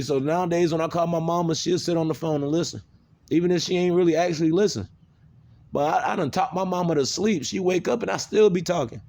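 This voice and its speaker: A man's voice: a little high, dark tone. Blunt, profane man. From American South. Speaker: video maker. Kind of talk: unscripted monologue.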